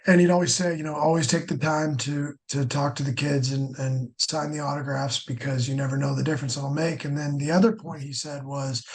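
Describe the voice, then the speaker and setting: A man's voice: on the high side, little pitch movement, fairly quick, few pauses. A middle-aged former hockey player, a man, chatting easily as a podcast guest. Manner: easygoing, many fillers. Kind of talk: casual chat.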